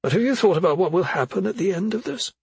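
A woman's voice: medium pitch, expressive, fast talker, gravelly, husky, dry recording, pitched above the performer's own voice, full character voice. A man reading an audiobook, voicing a worried middle-aged mother who questions her son sharply and skeptically. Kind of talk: audiobook character voice.

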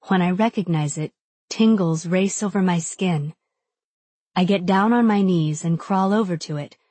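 Low-voiced woman narrating an audiobook. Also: a little mellow, no room sound. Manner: intimate, reflective. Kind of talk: first-person audiobook narration.

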